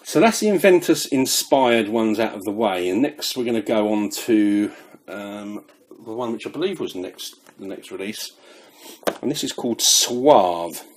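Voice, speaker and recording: A man's voice: on the low side, animated, normal speed, darkish tone. A British man reviewing fragrances in a chatty, rambling way, a little out of breath. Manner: chatty, rambling, self-deprecating. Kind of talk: casual product review.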